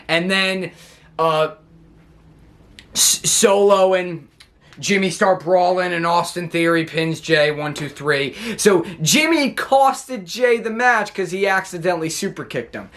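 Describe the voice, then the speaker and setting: High-voiced man rambling through a recap. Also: fairly bright tone. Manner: rambling, talking his way through events. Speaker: wrestling show reviewer. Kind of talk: casual recap vlog.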